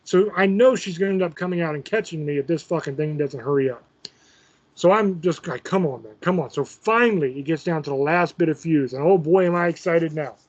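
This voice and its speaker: A man's voice: on the high side, fairly quick, muffled recording. A man casually telling a profane, self-mocking story as host of his own show.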